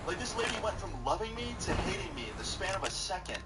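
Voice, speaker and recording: A man narrating a personal story in a lively way, acting out quoted lines. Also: sits high, quick pace, loud music behind the voice. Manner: animated, acts out quoted speech. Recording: distant mic with loud background noise.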